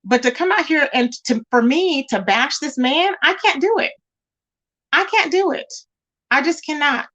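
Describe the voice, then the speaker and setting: A woman's voice: high voice, expressive, moderate pace, a bit bright, highs cut off. A woman hosting a casual livestream, greeting viewers by name and reading their comments aloud in an emphatic, repetitive way. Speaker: livestream host.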